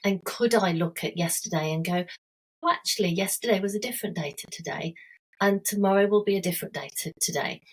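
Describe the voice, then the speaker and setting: A woman's voice: mid-range voice, a little fast, low-quality recording. A woman, a health coach guest, talking earnestly and telling stories with everyday examples in a conversational interview.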